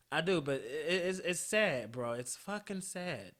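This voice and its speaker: A man in his twenties hosting a solo podcast, swearing constantly and swinging between heated outbursts and low mutters. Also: a bit bright. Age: 20s. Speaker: podcast host.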